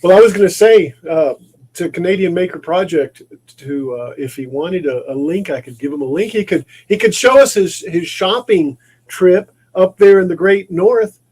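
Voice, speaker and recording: A man's voice: sits high, moderate pace, a little mellow, slightly rough. Rambling man hosting a workshop livestream. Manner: rambling, repeats and restarts words. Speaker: livestream host of a maker shop. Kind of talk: casual livestream chat while working.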